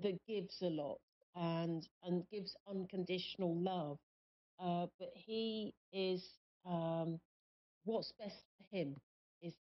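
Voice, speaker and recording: A woman hosting a live call-in psychic reading on the radio, speaking in a halting, searching way with many pauses. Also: on the low side. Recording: muffled lo-fi stream audio.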